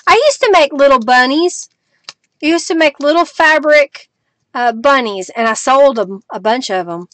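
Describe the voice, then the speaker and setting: A woman's voice: high voice, lively intonation, normal speed, a bit bright, no echo. A middle-aged woman hosting a live crafting stream, chatting with viewers as she works and laughing often. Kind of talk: casual live-stream chat.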